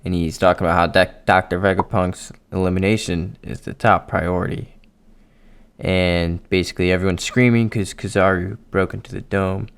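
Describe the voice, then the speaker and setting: A man doing a casual, excitable manga chapter readthrough for his viewers, swearing often and talking straight to them. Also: deep voice, moderate pace, creaky, clear, resonant tone. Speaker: anime and manga YouTuber.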